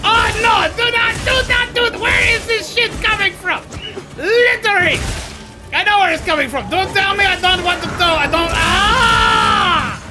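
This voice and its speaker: A streamer giving loud, foul-mouthed gameplay commentary and shouting insults at the monsters. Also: extremely high pitch, a little slow. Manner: loud, swearing, yelling at monsters. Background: game music.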